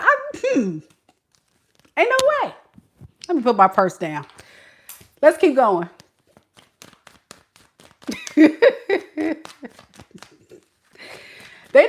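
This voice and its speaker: A woman giving a casual tarot reading, chatting animatedly and talking straight to her viewers. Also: on the high side. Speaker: tarot reader.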